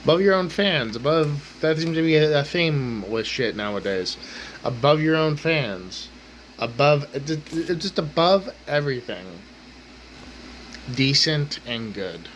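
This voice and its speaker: Profane ranting man, slow drawn-out delivery. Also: a little high, animated, fairly bright tone, a little hiss or hum, rough recording. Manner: profane, exasperated, repeats himself. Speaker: ranting vlogger. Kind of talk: angry rant to camera. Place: home kitchen table, indoors.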